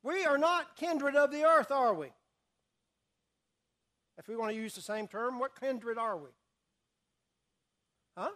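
A man's voice: extremely high pitch, unhurried, pauses often, sharp tone. A man teaching a Bible study, reading scripture aloud and quizzing his listeners with questions. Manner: asks the audience questions and reads scripture aloud. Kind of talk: sermon-style Bible study.

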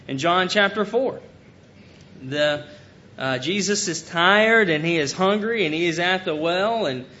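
A man's voice: measured pace, bright, forceful tone. A man preaching a sermon, earnestly retelling scripture and paraphrasing it in casual everyday speech. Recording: dull lo-fi recording with faint rumble.

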